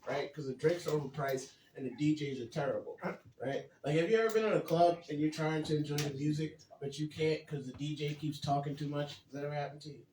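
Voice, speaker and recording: Dry-voiced man doing stand-up, high and echoey. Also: fairly even intonation, fast, slight background noise. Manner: laid-back and dry, bursting into shouted, sung bits. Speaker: headlining stand-up comic. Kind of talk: stand-up set. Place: small basement comedy room. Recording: roomy, far from the mic.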